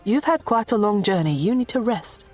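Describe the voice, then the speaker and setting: A woman voicing a gracious young princess who speaks politely and soothingly, pitched higher than her narration. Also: lively intonation, moderate pace, a little mellow, faint music behind, close to an everyday voice.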